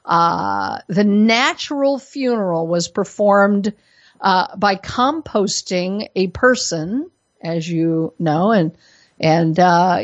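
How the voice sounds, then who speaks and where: A woman's voice: on the low side, lively intonation, takes it slowly, dry recording, dull audio. A woman from Colorado giving an opinion monologue as a commentator, full of sarcastic, mock-innocent asides. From Colorado, USA. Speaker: political commentator.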